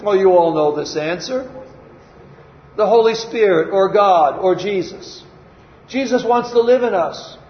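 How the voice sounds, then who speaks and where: A man's voice: sits high, lively intonation, a little slow. An older man preaching a sermon in a folksy, conversational way, asking his congregation questions and answering them himself. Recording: echoey room, slightly dull sound.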